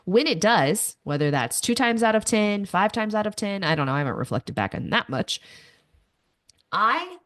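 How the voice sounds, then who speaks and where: A woman in her thirties hosts a podcast, candidly recounting personal stories with self-deprecating asides. Her mid-range voice has a sing-song lilt and a fairly bright tone, moving at a normal speed.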